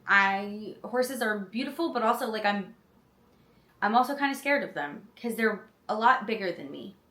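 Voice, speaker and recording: A woman's voice: on the high side, a bit bright. A woman hosting a channel, chatting casually and reading film synopses aloud, with self-deprecating, apologetic asides. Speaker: channel host. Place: indoor room, seated on a chair. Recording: roomy echo.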